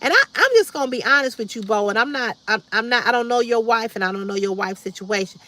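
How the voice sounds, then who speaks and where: A woman's voice: a little high, lively intonation, fast talker, bright, forceful tone. A woman, hosting a casual livestream, answering comments bluntly and directly with preachy repetition. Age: 50s. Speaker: livestream host.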